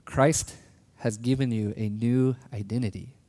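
A man giving a sermon, telling a personal story in an earnest way with soft laughs, and slowing down to stress key words. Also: medium pitch, steady tone, dry recording. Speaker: preacher.

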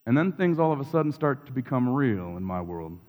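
A man's voice: mid-range voice, very animated, brisk, darkish tone. Reflective male preacher in a reverberant hall. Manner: reflective, confessional, builds through repeated phrases. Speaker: pastor. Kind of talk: sermon. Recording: long reverb of a large hall.

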